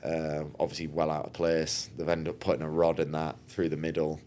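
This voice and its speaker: A man's voice: extremely low pitch, fairly quick, a little hiss or hum. A man, a podcast guest and racer, telling his story in a casual, rambling way, acting out what others said. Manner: rambling, animated, acts out quotes.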